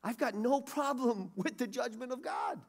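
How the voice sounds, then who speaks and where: A middle-aged man preaching a sermon, swinging from loud urgency to hushed pleading. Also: extremely high pitch, normal speed. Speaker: pastor. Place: church sanctuary.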